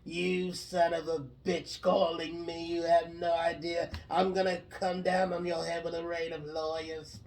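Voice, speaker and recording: A gravelly, chain-smoking older Jersey woman, put on by a man spits threats and calls everyone honey. Her raspy voice sounds worn down by cigarettes, and she is brash and bossy on the line. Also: on the high side, completely flat delivery, unhurried, few pauses, recorded from a distance, a little hiss or hum, pitched above the performer's own voice, poor audio. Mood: furious. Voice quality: raspy, gravelly smoker's rasp.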